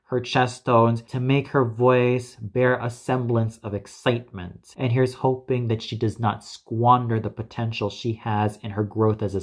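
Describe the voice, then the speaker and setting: Measured, opinionated male opera reviewer. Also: mid-range voice. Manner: measured, opinionated, lists names carefully. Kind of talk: scripted spoken review.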